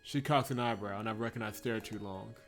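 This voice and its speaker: A man's voice: fairly low pitch, fairly quick, faint music behind. A man streaming a visual novel, reading it aloud in a dramatic read-through with casual asides; he chuckles often and stumbles and corrects himself on words. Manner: chuckles often, breaks off into playful commentary.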